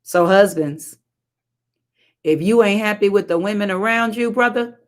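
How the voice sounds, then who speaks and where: A woman's voice: mid-range voice, unhurried. A middle-aged woman preaching a live-streamed sermon, emphatic and repetitive, with colloquial, sassy asides to her listeners. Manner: emphatic repetition and call-outs to the audience.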